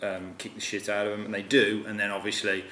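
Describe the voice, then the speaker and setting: A man's voice: on the low side, little pitch movement, brisk, sharp tone. A man chatting animatedly as a film reviewer, swearing casually and slipping into silly voices. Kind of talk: casual chat. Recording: echoey room with faint noise.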